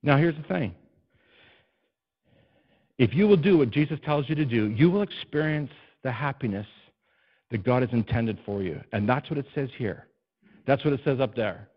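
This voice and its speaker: A man preaching a sermon as pastor, swinging between hushed low passages and loud, soaring ones, often putting questions to the congregation. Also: moderate pace, pauses often, breathy edge, muffled recording. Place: church.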